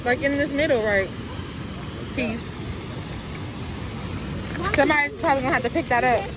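High-voiced young woman vlogging outdoors. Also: moderate pace. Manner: chatty and blunt, with casual swearing. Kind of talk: casual vlog narration. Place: outdoors on busy streets and hiking trails. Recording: crowd chatter and outdoor noise.

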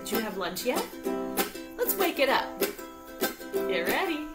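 A woman with a high, bouncy voice coaxes toddlers along in a bubbly way, her pitch jumping up and down as she talks. She speaks in an unhurried way between songs on a live stream from home. A ukulele rings out loudly behind her. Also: sing-song, loud music behind the voice. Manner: bubbly, coaxing talk to little children. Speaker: children's music teacher. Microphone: live video stream.

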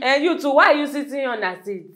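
A woman's voice: high-pitched, lively intonation, fast. A woman playing a strict, scornful schoolteacher in a comedy sketch, scolding with a Nigerian accent. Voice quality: scolding, sharp and mocking.

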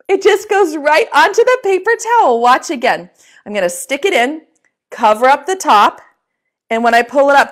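Slow, sing-song preschool teacher woman. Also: high-pitched, fairly bright tone. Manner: slow, sing-song and encouraging, asks children to repeat words. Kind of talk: preschool lesson for young children.

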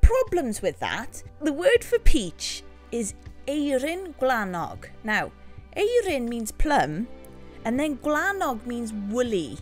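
A woman giving a casual, playful video lesson, drawing out phrases slowly and laughing often. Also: sits high, big pitch swings, fairly bright tone, soft background music. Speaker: Welsh language teacher.

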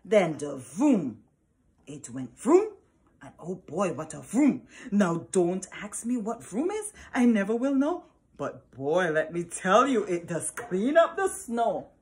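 A woman reading a picture book aloud to children as a storyteller, animated and full of exclamations. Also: mid-range voice, slow pace.

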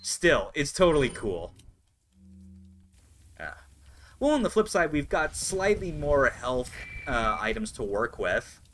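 A young man chatting excitably while live-streaming a video game. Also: medium pitch, slow, long pauses. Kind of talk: live gameplay commentary.

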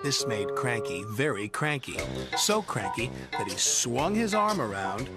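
A man narrating a children's train story in a lively read-aloud manner. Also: medium pitch, unhurried. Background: background music.

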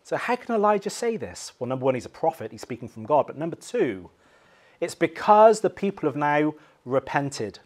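Man, English accent, pastor, sermon, fairly high voice, animated delivery. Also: moderate pace. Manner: animated preaching, swings from loud acted cries to quiet emphasis.

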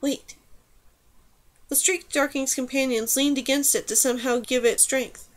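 A woman narrating a fantasy novel aloud as an audiobook reader, with steady, even storytelling. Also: high voice, moderate pace. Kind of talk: scripted narration.

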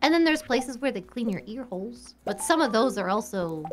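A woman's voice: a little high, expressive, moderate pace. A woman streamer chatting casually while gaming, giggling and rambling through explanations. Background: game music.

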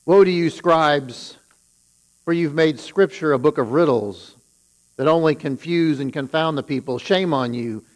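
A man's voice: fairly high pitch, measured pace, low-quality recording. A man who is a pastor, preaching a sermon and retelling scripture with rising emphasis on its warnings.

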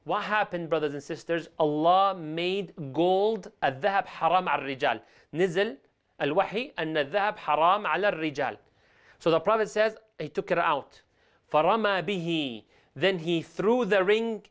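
A man's voice: fairly high pitch, fast talker, fairly bright tone, smooth. A man teaching a religious lesson as a sheikh, talking animatedly and switching between English and Arabic. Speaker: sheikh teaching Islamic stories.

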